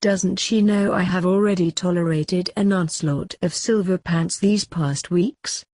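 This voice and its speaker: Woman, lowish voice, deadpan and sardonic, scripted story narration, dry close sound. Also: unhurried, dry recording.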